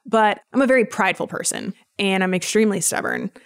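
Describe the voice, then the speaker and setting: A woman's voice: mid-range voice, fast talker, clean tone. A woman, a personal trainer, telling a personal story as a podcast guest, acting out the voices of people she quotes. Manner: lively storyteller who acts out quoted dialogue. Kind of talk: casual storytelling interview.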